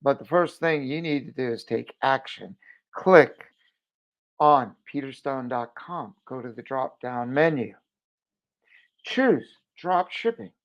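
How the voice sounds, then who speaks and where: A middle-aged man delivers an exhorting pep talk straight to camera, pressing hard on his points. His voice swings from loud, urgent pushes down to hushed asides. The audio sounds dull and lo-fi. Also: on the high side. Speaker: jewelry business owner.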